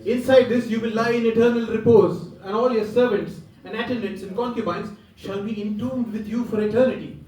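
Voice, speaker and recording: A sly, grandiose mystic makes his bold pitch, as a male comic plays him. The voice is high and wheedling. It echoes around a pub room. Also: fairly even intonation, brisk, hardly any pauses, darkish tone, recorded from a distance, close to an everyday voice. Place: pub stage.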